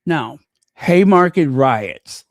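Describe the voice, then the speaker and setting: A man hosting his own channel, talking in a chatty, unhurried way with plenty of ums. His voice sits a bit high for a man, and he adds wry asides as he goes. The sound is close and dry. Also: animated, dry recording. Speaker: channel host. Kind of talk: casual commentary reading from the web.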